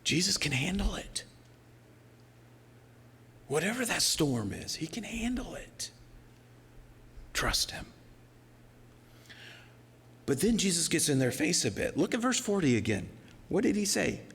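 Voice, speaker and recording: A male pastor preaching a sermon in an earnest, personal way, sometimes dropping to a soft near-whisper for emphasis. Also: fairly high pitch, big pitch swings, moderate pace, long pauses, big-room sound, slight background noise. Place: church sanctuary.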